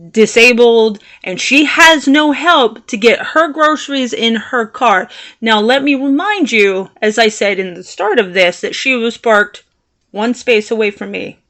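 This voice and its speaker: A woman telling a personal story to the camera in an animated, indignant and sarcastic way. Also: mid-range voice. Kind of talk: storytelling vlog.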